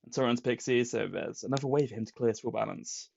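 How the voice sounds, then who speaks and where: A man's voice: mid-range voice, fast, vocal fry, a little mellow, breathy edge. A man co-hosting a podcast, casually recapping a comic plot with put-on quotes. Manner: retells plots with put-on quotes. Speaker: podcast co-host. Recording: dull lo-fi sound.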